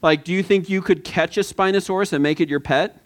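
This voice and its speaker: A man with a high-sitting voice preaches a sermon in a conversational style. He often halts and restarts, and he puts questions to the room.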